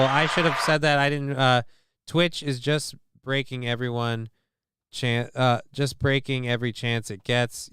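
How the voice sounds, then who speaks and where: A man's voice: mid-range voice, little pitch movement, unhurried, a bit bright, clear, resonant tone, no echo. A man hosting a livestream show, chatting casually with a profane, sarcastic, rambling manner.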